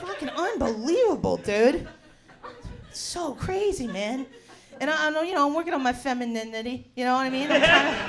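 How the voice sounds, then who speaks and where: A woman in her forties from New York doing a brash, profane stand-up set in a bar, swinging from muttering to shouting. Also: sits high, noisy background. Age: 40s. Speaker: stand-up comedian. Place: bar with a live audience. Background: audience laughter.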